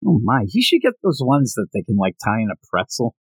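A man co-hosting a podcast, chatting casually about a manga and acting out scenes with lively pitch jumps. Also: husky, dry recording. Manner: animated, quick shifts of pitch when acting out scenes. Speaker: podcast co-host. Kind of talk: casual manga review chat.

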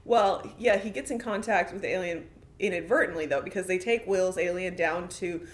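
Animated podcast co-host recapping a movie. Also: mid-range voice, normal speed, slight background noise. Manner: animated, recaps scenes in detail. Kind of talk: casual movie discussion.

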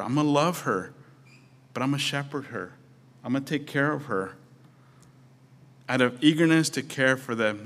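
A man's voice: mid-range voice, a bit bright. A man preaching a sermon as pastor, conversational and storytelling with touches of humor.

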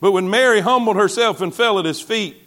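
Pastor, male, high voice, sermon delivery with congregation asides. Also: a little fast, a bit bright. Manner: preaching with call-and-response asides to the congregation.

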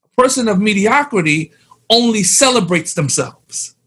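Husky-voiced pastor musing on excellence. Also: male voice, high-pitched, expressive, normal speed, a bit bright. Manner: reflective, preachy turns of phrase. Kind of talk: casual chat about ministry.

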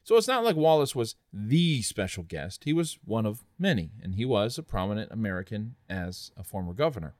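An adult man past college age hosts a history podcast, narrating earnestly and conversationally with chatty asides. His voice is fairly low and a little mellow, captured in a dry, clean studio recording.

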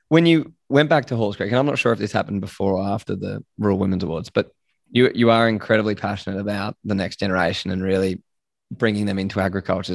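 Deep gravelly male interviewer. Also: dry recording, studio quality. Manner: warm, halting, rephrases his questions. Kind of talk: interview questions.

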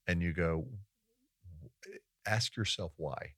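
A soft-spoken man co-hosting a podcast talks in a quiet, thoughtful way. His very low voice is recorded close and dry. He sometimes drops toward a near whisper as he reflects. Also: slow pace, no echo. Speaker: podcast co-host. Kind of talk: casual conversation.

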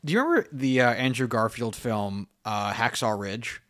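A man's voice: medium pitch, animated, moderate pace, fairly bright tone. A man co-hosting a casual film podcast, talking animatedly, swearing freely and acting out lines from the movies. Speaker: podcast co-host.

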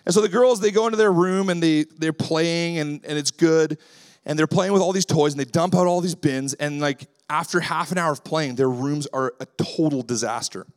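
A male pastor delivers a sermon in a relaxed, conversational tone, his voice pitched a little higher than most men's. He weaves in family stories about his daughters and briefly acts out his own words to them. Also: normal speed. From Canada. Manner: lively, acts out his own voice when quoting himself.

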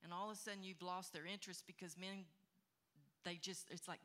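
A woman pastor giving marriage advice on a panel, animated, acting out husbands and wives in quick quoted lines. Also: lowish voice. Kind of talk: animated teaching talk.

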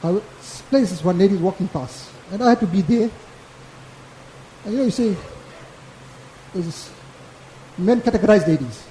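A man gives a Friday sermon in a very high, lively voice that is mellow in tone. He talks casually and hammers each point by repeating it. The sound is echoey, as in a mosque hall. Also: moderate pace, long pauses, a little hiss or hum. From South Africa. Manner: casual, repetitive and emphatic preaching. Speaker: maulana giving a Friday lecture.

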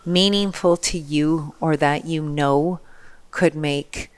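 A middle-aged woman, a podcast guest, telling a personal story in an animated way, acting out the people in it. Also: low-pitched, takes it slowly.

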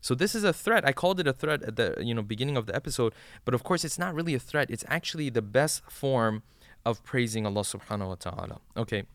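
A man teaches an old supplication, putting each line into plain words and often checking in with a quick "right?". His voice is smooth and clear, and it sits at an ordinary middle pitch. The recording is close and dry, with no room sound. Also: expressive, fairly bright tone, dry recording. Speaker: religious teacher. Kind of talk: explaining a supplication to listeners.

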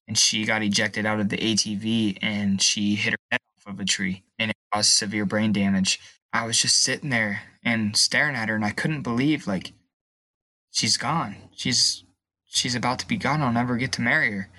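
Tearful young man with a bright voice. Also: fairly low pitch, steady tone, no echo. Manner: emotional, halting, pauses and restarts. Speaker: guest. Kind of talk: personal testimony.

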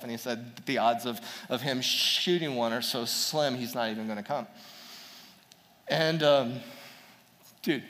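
A man telling a personal story to an audience in an animated way, acting out quotes and restarting words. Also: medium pitch. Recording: long hall reverb.

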